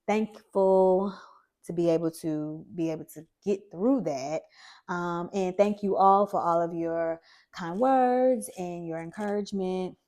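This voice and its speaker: A woman's voice: lowish voice, darkish tone. A woman vlogger candidly telling her own story, reflective and conversational with plenty of fillers.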